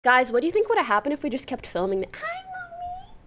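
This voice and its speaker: A young woman with a somewhat high voice, chatting casually on a livestream. She tells stories in an animated, talkative way and swears freely. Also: very fast. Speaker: streamer.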